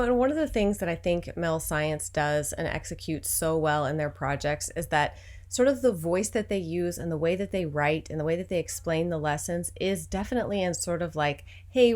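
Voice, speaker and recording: A woman vlogger and homeschooling mom, talking in a chatty, upbeat way with a sponsor read. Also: fairly low pitch. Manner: chatty, upbeat, many fillers. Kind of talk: casual vlog with sponsor read.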